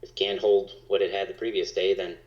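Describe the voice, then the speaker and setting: A man talking casually in a monotone on a stock trading livestream. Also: low voice, fast talker. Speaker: co-host trader. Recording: echoey, dull lo-fi sound.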